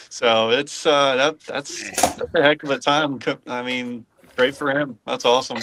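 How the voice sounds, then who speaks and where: A man co-hosting a casual talk show, rambling and halting, laughing between phrases. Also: medium pitch, steady tone, pushed and bright, a little hiss or hum. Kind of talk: casual radio chat.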